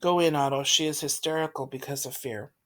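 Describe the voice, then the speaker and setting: A woman's voice: sits low, steady tone, a little fast. Woman reading as a hurt, tender mother. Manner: quiet, wounded.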